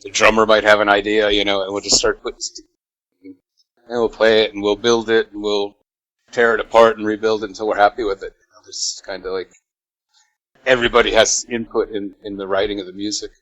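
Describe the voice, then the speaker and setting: A man's voice: lowish voice, little pitch movement, a little fast, fairly bright tone, no echo, poor audio. An American man, a musician guest, chatting casually in an interview, laid-back with plenty of fillers and laughs. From United States.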